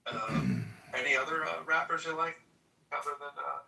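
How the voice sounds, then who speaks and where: A man hosting a casual chat, who talks haltingly and repeats his words. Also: fairly high pitch, fairly even intonation, gravelly, sharp tone. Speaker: room host. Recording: echoey, from a distance.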